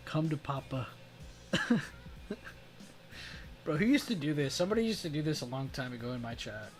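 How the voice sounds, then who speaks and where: A man's voice: on the high side, expressive, a little slow, long pauses, a bit bright, faint music behind. A man from the United States chatting casually on a livestream, reacting to chat messages and laughing often. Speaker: stream host.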